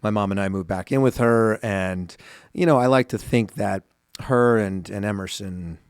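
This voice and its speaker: A man with a lowish voice talks in a relaxed, reflective way, full of "you know" and "like". The sound is dry and close, as in a small studio. He is co-hosting a casual podcast. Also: normal speed, smooth, dry recording. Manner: reflective, soft-spoken, many fillers. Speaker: podcast co-host.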